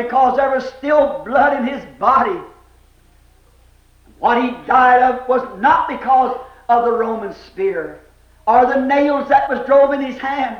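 High-pitched man preaching in an echoey church. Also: measured pace. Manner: impassioned, swinging from shouts to hushed low lines. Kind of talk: fervent revival sermon. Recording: echoey, dull old sermon recording.

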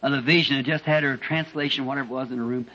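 A man preaching a sermon as a personal testimony, turning emotional and shooting into high-pitched bursts as he tells his story, recorded at a church meeting. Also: fairly even intonation, very fast, bright, forceful tone. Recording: dull lo-fi archival tape.

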